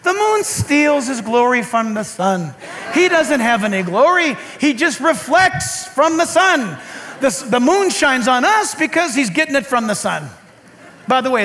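A man preaching a sermon in an animated, joking way, with sarcastic asides to the congregation. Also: very high voice, moderate pace. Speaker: pastor.

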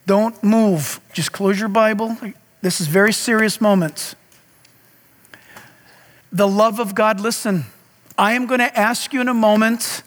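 High-voiced preaching pastor in a big hall. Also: male voice, fairly bright tone. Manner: impassioned preaching, direct address to congregation. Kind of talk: sermon.

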